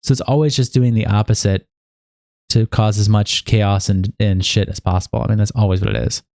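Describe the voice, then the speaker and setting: A man's voice: lowish voice, fairly even intonation, fairly quick, darkish tone, dry recording, studio quality. A man streaming live, reading chat logs aloud and commenting on them bluntly with plenty of swearing. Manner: blunt, profane and exasperated.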